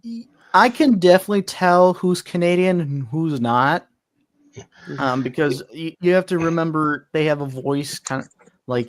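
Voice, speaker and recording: A man's voice: fairly high pitch, moderate pace. A man in casual live-stream chat who explains eagerly, giving examples as he goes. His voice sits a little above the usual male range. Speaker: voice actor.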